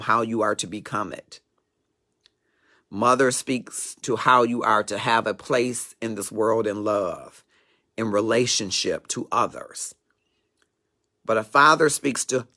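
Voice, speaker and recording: Middle-aged male host with a gravelly, fry-edged voice at a middling pitch; emphatic and preachy, prone to digressions in a motivational talk show monologue. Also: bright, forceful tone.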